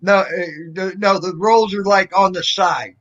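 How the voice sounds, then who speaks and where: A man's voice: high voice, steady tone, normal speed, a bit bright, dull audio. A man on a call-in panel, talking in a rambling, hesitant way. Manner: rambling, hesitant, many fillers. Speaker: panel member. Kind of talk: casual chat on a call-in panel.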